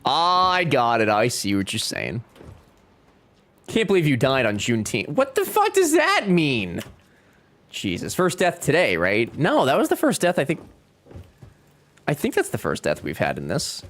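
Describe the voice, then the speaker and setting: A man's voice: mid-range voice, huge pitch swings, measured pace, pauses often, a bit bright. A man streaming a game from home, chatting casually with his viewers and joking with lots of swearing. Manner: joking and profane, talks back to chat. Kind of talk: casual live-stream chat.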